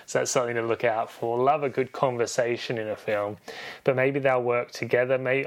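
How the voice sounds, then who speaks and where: A man's voice: medium pitch, a bit bright. Rambling, jokey man recapping a film. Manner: rambling, self-correcting, jokey. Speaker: podcast host.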